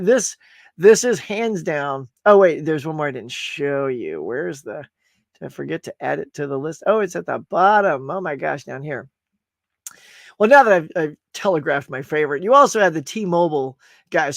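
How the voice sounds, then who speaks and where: A man hosting a casual pop culture show, talking in an animated, rambling way with frequent laughs and acted-out quotes. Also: on the high side, no echo, studio quality. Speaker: podcast host.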